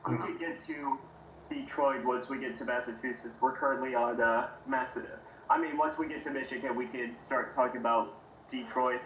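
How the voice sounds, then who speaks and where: A man's voice: medium pitch, steady tone, normal speed, fairly bright tone. A man co-hosting a casual stream chat, easygoing as he keeps the talk moving. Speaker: co-host moving the topics along. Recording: echoey room, dull sound, faint noise.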